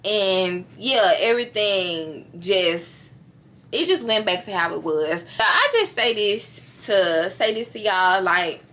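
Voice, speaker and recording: A woman in her early twenties telling a personal story to her viewers in a lively, chatty way, often speaking to them directly. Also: medium pitch, slow pace. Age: early 20s. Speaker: vlogger. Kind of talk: casual storytime.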